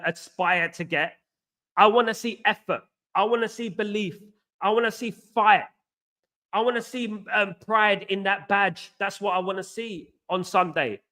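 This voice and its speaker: A fired-up man chats through a football live stream, rambling and passionate as he answers viewers in the chat. His voice sits high for a man and has a bright, forceful edge. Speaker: livestream host and football fan.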